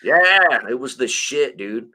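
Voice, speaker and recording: This podcast co-host has a mid-range voice that's bright and forceful, with lively intonation and a slow pace. In casual conversation, he spins rambling stories laced with profanity.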